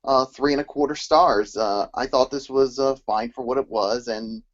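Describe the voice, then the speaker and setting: A man's voice: mid-range voice, moderate pace. A man co-hosting a wrestling recap show, talking hesitantly with many fillers. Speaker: podcast co-host. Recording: muffled lo-fi audio.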